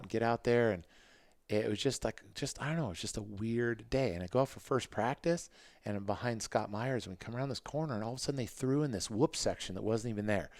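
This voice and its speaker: A man in his fifties, a podcast guest, telling racing stories in a casual, animated way and acting out what people said. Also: vocal fry, dry recording, clean studio sound. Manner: animated, acts out quotes in a higher voice. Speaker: podcast guest, former motocross racer. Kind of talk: casual interview storytelling.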